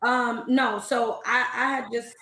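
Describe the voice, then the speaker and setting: A woman's voice: fairly high pitch, slight background noise. Woman talking easygoing over an echoey call. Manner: relaxed, unhurried, with many restarts and fillers. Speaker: guest battle rapper. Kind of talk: casual interview. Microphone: video call.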